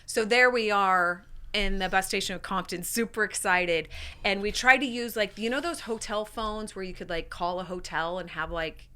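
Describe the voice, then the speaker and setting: A woman guest on a podcast telling a story in a lively, chatty way, with many fillers and laughs. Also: medium pitch, normal speed, clean tone. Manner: animated, laughing, full of fillers like "like". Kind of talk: storytelling in casual conversation.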